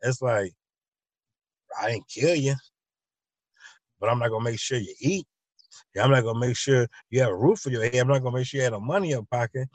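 A show host with a medium-pitched male voice talks a little fast, leaving long pauses, with no echo. He tells a loose, repetitive comic monologue full of restarts, acting out both sides of imagined conversations.

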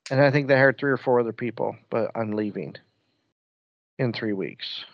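A man chatting casually about his bus-driving job, with a medium-pitched voice and a joking, animated way of telling stories. The sound is dry and a little dull, like a lo-fi recording. He acts out what he says to others, then drops back to plain talk. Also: normal speed, no room sound. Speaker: bus driver. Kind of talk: casual chat.

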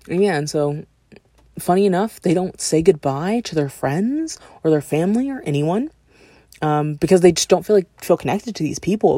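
Low-voiced woman chatting casually, dry close mic. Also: dark tone, no echo. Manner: rambling, acts out characters' lines with pitch jumps. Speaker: podcast host recapping a cartoon. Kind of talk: casual recap chat.

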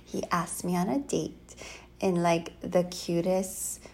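A woman in her thirties with a lowish, gravelly voice chats slowly and casually with her husband on a podcast, recorded on a phone at their home in Hawaii. She giggles a lot and tells animated stories, putting on voices for the people she quotes, with slight background noise.

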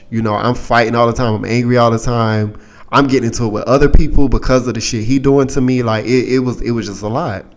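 A young adult man hosting a podcast, telling a personal story in a candid, profane, casual way and getting animated when he quotes other people. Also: fairly low pitch. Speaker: podcast host.

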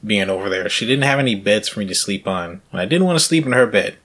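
A man co-hosting a podcast in casual chat, telling a rambling, crude story with deadpan jokes. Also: fairly low pitch, fast, hardly any pauses. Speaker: podcast co-host.

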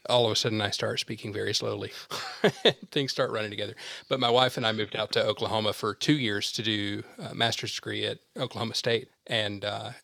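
Man, from Alabama, lowish voice, easygoing anecdotes, casual podcast chat, dry mic. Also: steady tone, fairly quick, gravelly, pushed and bright, dry recording. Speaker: podcast co-host, teacher.

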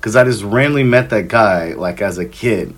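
A man's voice: fairly low pitch, moderate pace. A man in his thirties, a podcast guest, telling travel stories in casual chat with lots of ums and likes. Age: 30s. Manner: rambling, filler-heavy, acts out dialogue.

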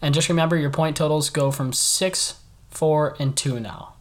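A man hosting a casual trivia game, reading out each question slowly and repeating it. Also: fairly high pitch, fairly even intonation. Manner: reads questions twice, slowly and deliberately.

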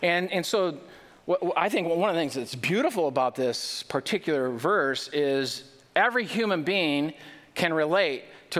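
A male pastor giving a conversational sermon, animated and full of rhetorical questions to the congregation. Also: a little high. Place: church. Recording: reverberant hall.

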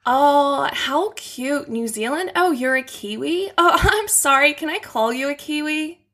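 A woman's voice: high-pitched, expressive, unhurried, fairly bright tone, voice pushed up, exaggerated voice. A woman doing a gushing American valley girl voice as a joke on a podcast.

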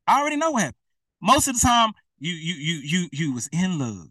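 Preacher, male, direct and repetitive, bright tone, sits back from the mic. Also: high voice, sing-song, a little fast, no room sound, distant mic. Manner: colloquial, repetitive, direct address. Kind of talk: informal preaching to camera.

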